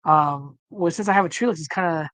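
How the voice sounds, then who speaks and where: A man's voice: on the high side, brisk, fairly bright tone, dry recording. Man losing his voice, rambling. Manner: rambling, many fillers and restarts. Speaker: livestream co-host. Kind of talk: casual chat.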